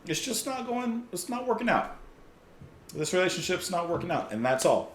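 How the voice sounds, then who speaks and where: Guy doing a chill music reaction, really lively voice, kinda echoey room. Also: high-pitched, moderate pace, a little hiss or hum. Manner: enthusiastic, chuckles often, thinks aloud with fillers. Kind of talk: casual music reaction commentary.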